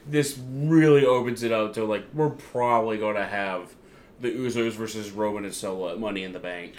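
Excitable man recapping with a cohost. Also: lowish voice, brisk. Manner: excitable storyteller, acts out quotes. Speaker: podcast co-host. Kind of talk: casual recap chat.

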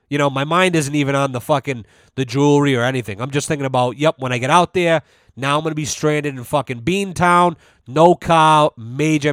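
A man's voice: mid-range voice, clear, resonant tone, no room sound. A man hosting a podcast, telling a story in a casual, profane, rambling way that often restarts. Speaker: podcast host. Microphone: studio mic.

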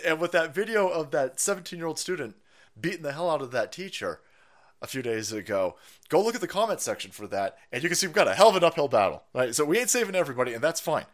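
A man's voice: fairly high pitch, sing-song, quick pace. A man hosting a livestream, ranting in a profane, sarcastic, mocking manner. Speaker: streamer host.

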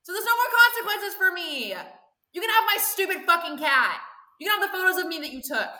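A woman's voice: very high voice, a little fast, pushed and bright, roomy sound, pitched above the performer's own voice, exaggerated voice. A woman voicing a defiant, fame-hungry teenage girl villain who swears and sneers in a tabletop game. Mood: scornful. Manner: cold, scornful, swearing.

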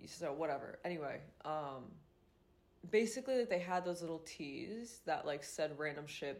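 Congested, nasal young woman, rambling chat. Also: low voice. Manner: rambling, lots of "like" and "um", swears freely. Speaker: podcast host. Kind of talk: casual chat.

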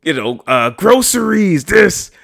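A man voicing a self-important male warrior king who makes slow, overblown proclamations. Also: high-pitched, sing-song, vocal fry, a bit bright, voice pushed up, full character voice. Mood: proclaiming.

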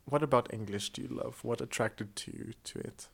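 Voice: medium pitch, normal speed, vocal fry, slightly rough. Young adult podcast host, playful teasing delivery, casual chat.

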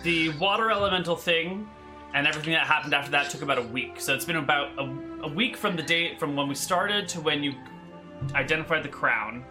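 A man's voice: a little high, a little fast, music in the background. A man narrating a tabletop game as game master in a casual, rambling way with many fillers.

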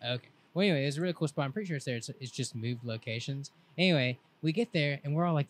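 A young man on a podcast, telling a long rambling story in a casual, laid-back way and quoting his friends in lively voices. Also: fairly high pitch, rapid-fire, hardly any pauses. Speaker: podcast co-host.

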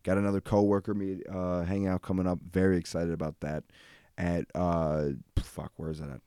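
A man's voice: low voice, level tone, moderate pace, mellow, smooth, no room sound, studio quality. A young adult man hosting a casual solo podcast, rambling loosely and swearing freely. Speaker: podcast host.

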